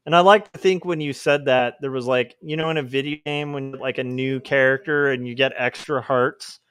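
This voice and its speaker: A man's voice: mid-range voice, steady tone, moderate pace, a bit bright, smooth, no echo. A man livestreaming while he draws comics, chatting casually and reading out chat messages, with rambling asides and chuckles.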